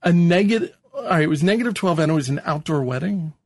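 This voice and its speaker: A man's voice: a little high, expressive, fast, no room sound, clean studio sound. A man co-hosting a podcast in casual chat, hesitant, with many ums and laughs at himself. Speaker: podcast co-host.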